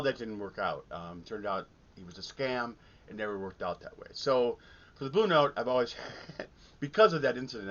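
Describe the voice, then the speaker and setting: Low-voiced middle-aged man, rambling vlog. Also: a bit bright. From Milwaukee, Midwest US. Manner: rambling, many ums and restarts. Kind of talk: casual vinyl collecting vlog. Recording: dull lo-fi sound with faint rumble.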